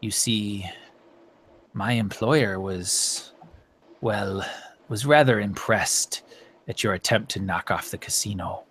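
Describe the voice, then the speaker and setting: Man playing a scheming female alien majordomo, put-on foreign accent, soft half-whisper, measured, tabletop game. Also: on the low side, a little hiss or hum, voice pushed down. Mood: persuasive.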